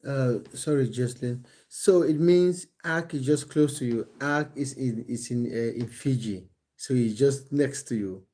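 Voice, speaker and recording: A man's voice: medium pitch, unhurried, hardly any pauses, warm tone. A man, a football coach, chatting casually on a live stream from his phone at home, answering viewers with many restarts and fillers. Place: at home in England.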